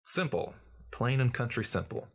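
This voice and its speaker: A man's voice: medium pitch, expressive, moderate pace, gravelly, slightly rough, pitched above the performer's own voice. A man reading as a glib, cynical journalist who lectures breezily in an audiobook. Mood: lecturing. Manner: breezy, lecturing, know-it-all.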